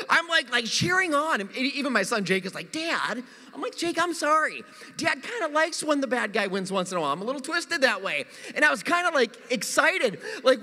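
Animated, high-voiced man preaching in a church hall. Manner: animated storytelling with humor. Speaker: pastor. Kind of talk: sermon. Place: church sanctuary.

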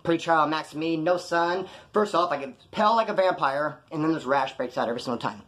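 A man from California rattles through his jail stories at a quick clip, his voice sitting a little high. He rambles and swears freely, and he acts out the other people in each story. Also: a bit bright. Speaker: storyteller recounting jail time. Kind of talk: casual storytelling.

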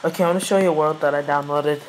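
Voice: medium pitch, steady tone, racing, noisy background. A young gamer giving casual, rambling gameplay commentary, giggling and hesitating often. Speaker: let's play gamer.

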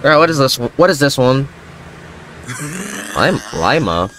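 A man's voice: medium pitch, big pitch swings, a little slow, fairly bright tone, a little hiss or hum. A man hosting a reaction video, talking casually and rambling through repeated asides.

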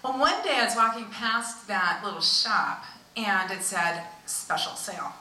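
A woman, a visiting pastor, telling a story in a sermon with animated delivery that drops to hushed tones for emphasis. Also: mid-range voice, measured pace, a little hiss or hum. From United States. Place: church hall. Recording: echoey church hall, voice from far off.

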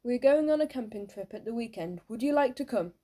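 A woman's voice: a little high, animated, fairly quick, dark tone. A woman reading a children's audiobook, voicing a pair of dim, pushy schoolyard bullies with a blunt, insistent manner.

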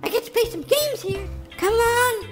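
A man voicing a tiny, playful toy sidekick in a very high, squeaky, whiny voice. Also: moderate pace, a bit bright, soft background music. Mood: whiny, sulky. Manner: whiny, grumbling.

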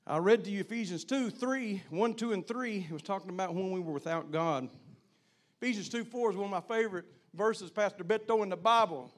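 A middle-aged man preaching to a men's gathering and praying, repeating his phrases and building up to a shout. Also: sits high. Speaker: guest speaker at a men's gathering. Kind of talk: sermon and prayer.

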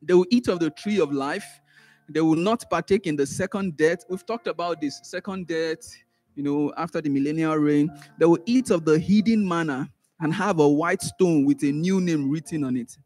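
A man teaching a Sunday school class. He repeats words, restarts phrases and swings up sharply in pitch and loudness when he stresses a point. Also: normal speed, soft background music. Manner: animated, rises sharply in pitch and volume for emphasis, trails off in asides. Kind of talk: church Bible teaching.

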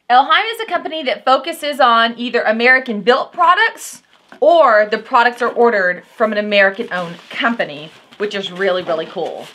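A young woman from southern Texas with a warm drawl talks straight to her viewers about a box she's opening. Her voice sits a little high and stays bright and crisp. She keeps it chatty and excitable, sprinkling in plenty of y'alls. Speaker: vlogger, unboxing host. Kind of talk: casual unboxing chat to camera.

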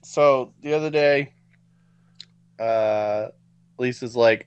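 A man's voice: medium pitch, expressive, unhurried, clear, resonant tone. A man on a podcast, casually telling a personal story. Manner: chatty anecdote-telling. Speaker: podcast co-host.

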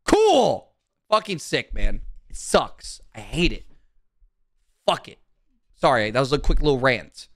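A man's voice: mid-range voice, lively intonation, unhurried, pauses often, a bit bright, no room sound. A male streamer in a casual live-stream rant, talking in a heated, profane, repetitive way.

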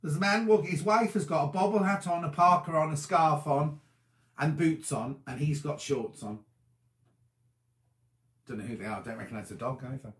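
A man's voice: on the high side, moderate pace, pauses often, fairly bright tone, echoey room. A tired man hosting a casual live-stream chat, rambling as he answers viewers' comments. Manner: chatty, rambling, reads comments aloud and answers them. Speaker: host.

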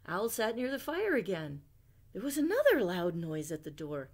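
A woman librarian reading a picture book aloud at storytime, gentle and expressive, asking her listeners questions along the way. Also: medium pitch, moderate pace, husky.

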